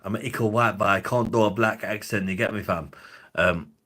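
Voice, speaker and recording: Deep-voiced crude livestream host. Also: male voice, fairly quick, pushed and bright. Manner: crude, joking banter, greets viewers by name. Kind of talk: casual livestream chat.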